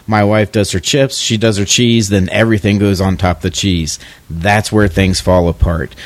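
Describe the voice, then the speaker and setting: A man's voice: on the low side, no room sound. A man calling in to a podcast, talking casually and jokingly with lots of fillers and restarts. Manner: joking, opinionated, with many fillers. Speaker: podcast caller. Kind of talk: casual recorded call-in message.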